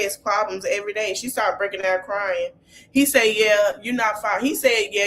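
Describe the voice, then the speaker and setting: With a slightly high, somewhat bright voice and a bit of hiss or hum in the audio, a woman hosts a podcast. She chats through reality-TV scenes in a gossipy recap, speaking African American Vernacular English.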